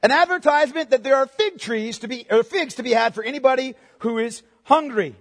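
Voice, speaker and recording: A man's voice: very high-pitched, a little fast, fairly bright tone. A male pastor preaching a sermon in a church, with a conversational manner and frequent "okay?" check-ins to the congregation. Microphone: microphone. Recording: long hall reverb.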